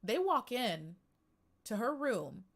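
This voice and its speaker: A woman's voice: on the high side, very animated, slow. A woman hosting a podcast livestream, talking in a chatty, emphatic way and greeting viewers in the chat. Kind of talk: casual livestream monologue.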